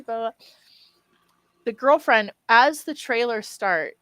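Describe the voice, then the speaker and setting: Bright-voiced animated woman storyteller. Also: high voice, moderate pace, no echo. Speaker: podcast co-host. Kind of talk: casual chat, storytelling.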